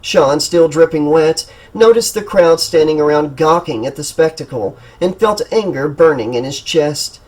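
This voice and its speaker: Husky male narrator, slightly high voice, steady and dramatic, audiobook reading. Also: normal speed, few pauses, poor audio. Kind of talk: scripted narration.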